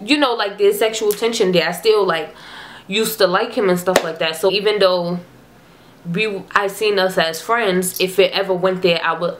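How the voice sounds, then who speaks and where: Young female vlogger, casual chatty storyteller, acts out the dialogue herself. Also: mid-range voice. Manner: animated, chatty, acts out text exchanges.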